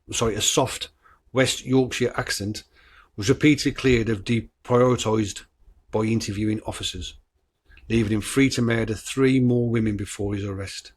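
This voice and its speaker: A man's voice: mid-range voice, breathy edge. A man hosting a true-crime podcast, talking bluntly with swearing, stumbles and restarts, and reading from his notes. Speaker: podcast host.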